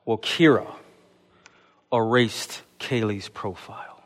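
Speaking slowly in a fairly low pitch, this male pastor delivers an Easter sermon to his congregation, addressing them as "church" and layering rhythmic refrains. Long hall reverb fills the sanctuary recording.

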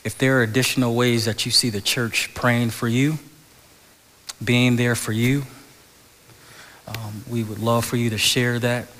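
A man's voice: medium pitch, little pitch movement, a little slow, long pauses, a bit bright. A man preaching a conversational sermon as a pastor, often repeating his words and dropping to a whisper on key phrases. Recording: long hall reverb.

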